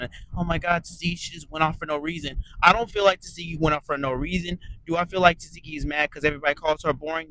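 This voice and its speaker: A man with a bright, forceful voice sitting a little high in pitch, recapping a reality show in a loose, profane rant. He talks bluntly and tends to drift into quiet mumbles between points. A faint noise sits under the recording. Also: rough recording. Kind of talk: casual audio recap.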